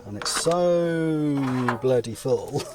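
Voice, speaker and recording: Cooking pasta beside his car at a forest campsite, a vlogger chats casually, rambling, poking fun at himself and swearing lightly now and then. His medium-pitched voice has lively intonation and moves extremely slowly, with music playing in the background.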